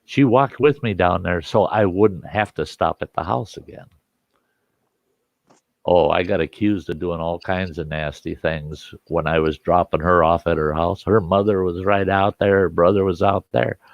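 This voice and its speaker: A man's voice: deep voice, normal speed, creaky, no room sound, lo-fi sound. A man hosting a campfire show, telling a funny story and laughing often. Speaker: host.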